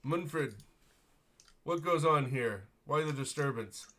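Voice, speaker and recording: A man's voice: fairly high pitch, expressive, takes it slowly, a bit bright, voice pushed up, full character voice. A man voicing a haughty, gaunt, well-dressed official who sneers at visitors as rabble. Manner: sneering, condescending.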